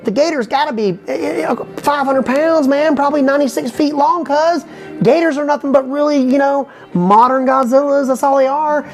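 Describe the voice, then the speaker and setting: A man telling a rambling comic story, animated and full of asides. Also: very high-pitched, faint music behind. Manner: fast, animated, repeats "you know what I'm saying". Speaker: comedian.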